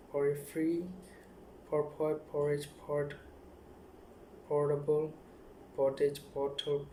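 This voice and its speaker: A man reading dictionary headwords aloud one after another in a rapid, monotone list. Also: a little high, slight background noise. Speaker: youtuber.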